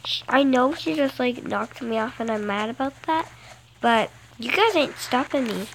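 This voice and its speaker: Girl, high lively voice, gravelly edges, chatty game commentary, noisy phone recording. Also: moderate pace. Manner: playful and chatty, gasps and sings in bursts. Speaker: gameplay vlogger. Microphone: phone screen recorder.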